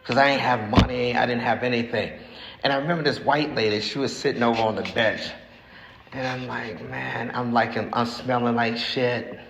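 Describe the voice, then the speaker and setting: A gravelly-voiced man in his sixties shares his own story at a recovery meeting. He talks frankly and haltingly, often repeating himself. His voice rings through a large hall with long reverb. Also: medium pitch, fairly even intonation, a bit bright. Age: 60s. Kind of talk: personal recovery testimony. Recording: echoey hall with faint noise.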